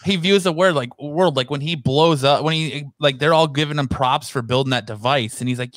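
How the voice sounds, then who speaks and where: A man's voice: medium pitch, a little fast, hardly any pauses, a bit bright, no room sound. A man on a podcast animatedly retelling favorite film moments in a casual chat. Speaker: podcast guest.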